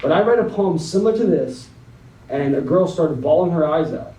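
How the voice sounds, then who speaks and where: A young man as a guest speaker, slowly and dramatically reading a spoken word poem, then talking to a young audience. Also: fairly high pitch, animated, dark tone. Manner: slow, dramatic poetry reading. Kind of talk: spoken word poetry then motivational talk. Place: conference hall. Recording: echoey hall, mic at a distance.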